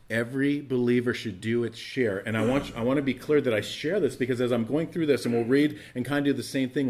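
A man preaching a sermon as pastor, earnest and conversational, stumbling over restarts and swinging between loud emphasis and quiet asides. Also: mid-range voice.

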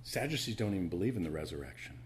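A middle-aged male pastor delivering a sermon in a somewhat low voice. He talks conversationally, drops personal stories into the teaching, and moves from loud emphasis to hushed intimacy. A faint hum sits under the recording. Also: very animated, racing.

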